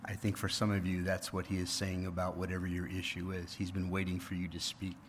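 A man's voice: sits low, monotone, fairly quick, a little hiss or hum. A male pastor preaching a sermon in a conversational, explaining manner. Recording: reverberant hall.

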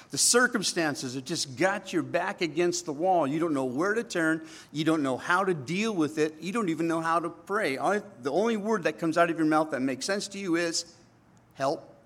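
A man preaching a sermon as a pastor, teaching from scripture in an animated way and often checking in with the congregation. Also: mid-range voice.

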